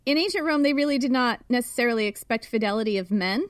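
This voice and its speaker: A woman's voice: on the high side, lively intonation, quick pace, no echo, studio quality. A woman guest on a podcast, explaining history with enthusiasm and knowledge, sometimes hedging with "um". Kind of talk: casual podcast interview.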